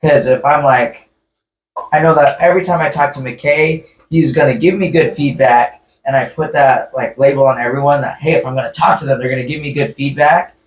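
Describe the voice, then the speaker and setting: A man in a class discussion, speaking thoughtfully and pausing on fillers. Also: mid-range voice, roomy sound, far from the mic, poor audio.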